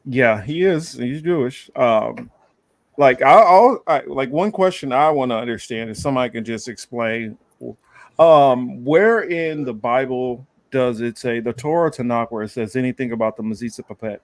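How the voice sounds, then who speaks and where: Halting man in a dry, casual chat. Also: medium pitch, no echo. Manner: halting, filler-heavy, blunt and crude.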